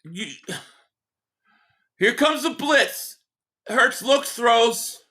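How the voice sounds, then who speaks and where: A man hosting a live game reaction stream, ranting in frustration, stammering and shouting at plays. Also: extremely high pitch, expressive, drawn-out words.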